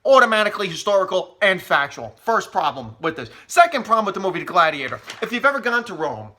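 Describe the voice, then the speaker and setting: A man's voice: sits high, fast talker. A middle-aged man delivering a sarcastic, humorous rant, often mocking people in quoted asides. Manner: sarcastic, animated, mock quotes. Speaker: commentator.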